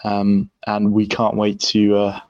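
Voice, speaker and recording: A man's voice: on the low side, monotone, slow pace, no echo, highs cut off. A man co-hosting a casual podcast from a studio, teasing his guest in jokey banter. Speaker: podcast co-host.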